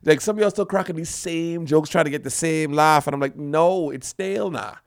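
A man with a Bahamian accent hosting a casual podcast, talking in animated, rambling bursts full of restarts and shout-outs. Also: fairly high pitch, brisk, clear, resonant tone, dry recording. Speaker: podcast host.

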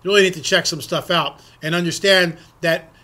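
Impassioned high-voiced man ranting. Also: fairly even intonation, fairly quick, pushed and bright. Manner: impassioned, repetitive, ranting with frequent restarts. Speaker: political commentary host. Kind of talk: opinion monologue.

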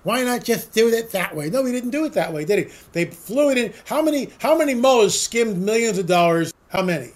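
A political talk show host with a notably high voice addresses his audience directly in an opinion monologue. He's emphatic and sarcastic, firing off one rhetorical question after another. His delivery is animated and fairly quick, with hardly any pauses.

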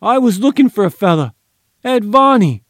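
A man's voice: on the high side, moderate pace, a little mellow, no room sound, clean studio sound, lightly acted. A man voicing a frightened small-time male crook who stammers and whines. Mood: fearful whine. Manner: whining, stammering, fearful.

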